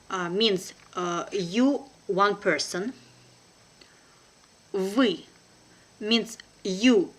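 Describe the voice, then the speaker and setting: Speaking at a medium pitch, this woman teaches an online language lesson in a slow, careful manner, often hesitating. She is a native Russian speaker with a noticeable Russian accent.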